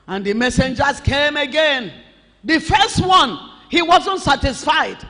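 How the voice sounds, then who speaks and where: A man preaching a sermon as pastor, rising at times to shouts. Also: very high voice, lively intonation, unhurried. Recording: long hall reverb.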